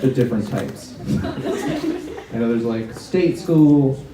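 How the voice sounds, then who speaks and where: A young man doing stand-up comedy, awkward and self-deprecating as he jokes with the crowd. His voice sits at an ordinary pitch and comes from far off the mic in an echoey hall. Loud noise hangs under the recording. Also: wildly swooping pitch, slow pace. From United States. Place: college auditorium before a live audience.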